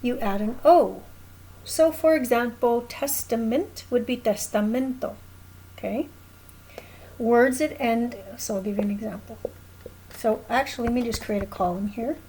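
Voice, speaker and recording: A Spanish teacher gives a recorded lesson at a whiteboard, explaining patiently and often checking in with "okay?". Her voice is on the high side and a little mellow, at a moderate pace. The recording is rough, with a little hiss or hum.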